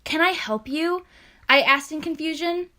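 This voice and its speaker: A woman's voice: high voice, normal speed, bright, forceful tone. A young woman co-hosting a podcast, reading fan fiction aloud and often breaking into giggles. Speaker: podcast co-host.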